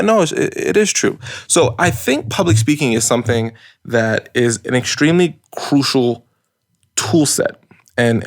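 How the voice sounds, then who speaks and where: A man hosting his own podcast, talking in a lively, playful and slangy way, with big jumps in pitch for emphasis. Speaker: podcast host. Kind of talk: energetic podcast monologue.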